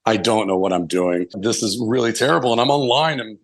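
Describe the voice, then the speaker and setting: A man's voice: lowish voice, steady tone, a little fast. A man in his forties, a chef guest telling long candid stories, rambling and swearing freely. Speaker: chef and restaurant owner, podcast guest. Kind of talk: casual storytelling interview.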